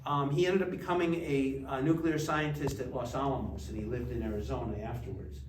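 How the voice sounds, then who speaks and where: A man telling lively anecdotes in a casual gallery talk, acting out the people in his stories. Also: a little fast. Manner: animated anecdotes, acts out voices with big pitch jumps. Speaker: art collector giving a gallery talk. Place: museum gallery. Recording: echoey gallery, distant mic, faint hiss.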